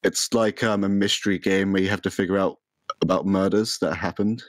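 Low-voiced young man, rambling. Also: steady tone, brisk, no echo, poor audio. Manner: rambling, many fillers and restarts. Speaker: podcast guest, streamer. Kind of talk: casual chat.

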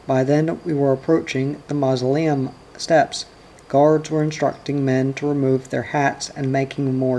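Flat, mellow-voiced male audiobook reader. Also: mid-range voice, a little hiss or hum, rough recording. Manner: even, measured reading with quiet quoted dialogue. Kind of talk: nonfiction audiobook narration.

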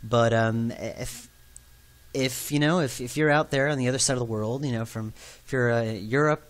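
A man's voice: medium pitch, normal speed. A man giving a rambling, self-deprecating developer commentary for his own game. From New York.

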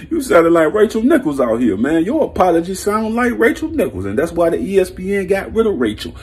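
Husky man ranting about sports. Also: a little high, very animated, fairly quick. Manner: blunt, heated, laughing. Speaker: sports commentary vlogger. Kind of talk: profane sports opinion rant.

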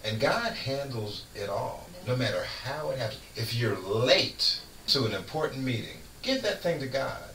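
A man who is a guest on a radio show, preaching in casual chat with fervent, lively storytelling. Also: medium pitch, normal speed, few pauses. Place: radio studio. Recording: echoey room, far from mic, faint noise.

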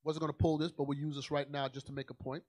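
A man with a fairly high voice preaching a sermon. He talks in a loose, colloquial way and leans hard on his points. He drops into quiet asides, then climbs back up to shouting. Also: flat delivery, fast talker.

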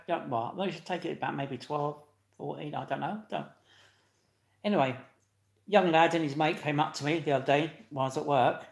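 A man hosts a casual live stream, reading comments and greeting viewers by name with loud, laughing cheer. His voice sits a little high. The room around him is echoey.

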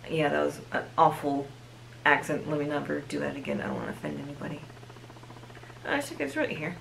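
A woman chatting to herself while playing a video game, with sudden excited exclamations. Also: low voice, a little fast, vocal fry, a little hiss or hum, rough recording. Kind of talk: casual let's play commentary. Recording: loud game sounds behind voice.

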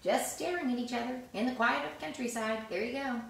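A woman reading a picture book aloud in an animated, exclamatory way, chatting about the pictures as she goes. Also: on the high side, a little fast, vocal fry, slight background noise. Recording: echoey room, mic at a distance.

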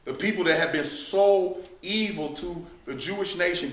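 A man's voice: high-pitched, normal speed, a bit bright. A man preaching a sermon, who builds to emphatic outbursts and addresses the listeners as saints. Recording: echoey room, mic at a distance.

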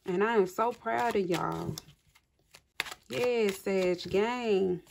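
Female tarot reader, warm and effusive, chatting directly to viewers over audible card shuffling. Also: medium pitch, very slow, creaky, background noise. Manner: effusive and encouraging, often laughing, addresses viewers directly. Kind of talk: casual tarot reading to viewers.

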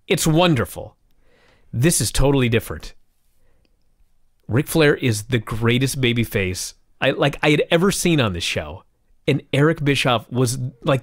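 A man's voice: on the high side, no room sound, clean studio sound. A man co-hosting a wrestling review podcast, telling the story with passion and plenty of swearing. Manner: animated, profane, impassioned storytelling. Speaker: podcast co-host. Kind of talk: casual wrestling review chat.

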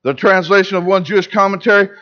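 A pastor giving a sermon in church, preaching with emphasis and asking the congregation rhetorical questions. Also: male voice, sits high, fairly even intonation, fast talker, sharp tone, highs cut off.

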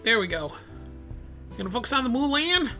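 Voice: mid-range voice, very animated, fairly quick, pushed and bright, soft background music. A vlogger rambling casually while unboxing toys, full of fillers and self-deprecating asides, grumbling at the camera's focus. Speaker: toy unboxing host.

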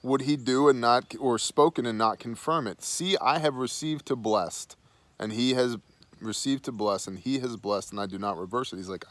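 A man's voice: mid-range voice, moderate pace, a bit bright, no room sound. A man hosting a Bible study, reading scripture aloud and then dropping into slangy, casual asides.

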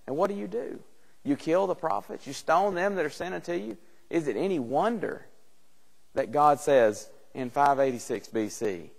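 A man's voice: medium pitch, expressive, moderate pace. An earnest man leads a church Bible class in a plain, conversational voice. He often doubles back on words as he builds each point. The sound has a long reverb from the church room.

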